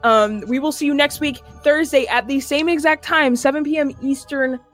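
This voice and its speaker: A fairly high-voiced woman runs a tabletop game stream and signs off the night in a loose, chatty way. She laughs often and fills her sentences with ums and uhs. Soft music plays quietly behind her. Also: steady tone, normal speed. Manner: laughing, rambling with many fillers. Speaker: game master. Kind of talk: casual sign-off chat.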